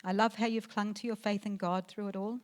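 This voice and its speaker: A middle-aged woman gives a heartfelt wedding reception speech into a handheld microphone. She talks in a halting way, with fillers and restarts, and her voice fills with emotion. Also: mid-range voice, little pitch movement. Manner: emotional, tearful at times, laughing through the speech. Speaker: mother of the bride giving a speech. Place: wedding reception venue, indoors.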